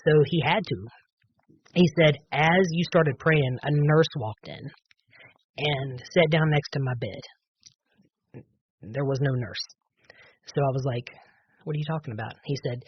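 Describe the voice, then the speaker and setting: A man's voice: medium pitch, muffled recording, slight background noise. A man on a podcast telling a personal testimony, earnest and full of fillers and restarts. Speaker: podcast guest.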